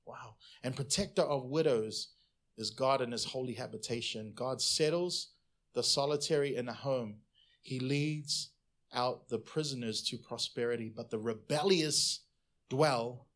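A man pastor preaching a sermon, animated and conversational, swinging between loud bursts and quiet asides. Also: medium pitch.

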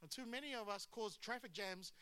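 Animated, bright-voiced male preacher. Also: high voice, a little fast, clear, resonant tone. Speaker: pastor. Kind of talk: sermon.

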